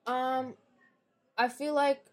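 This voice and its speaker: A woman's voice: high voice, little pitch movement, slow. A young woman guest on a podcast, bluntly and profanely retelling a falling-out with friends in casual chat. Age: young adult. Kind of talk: casual storytelling.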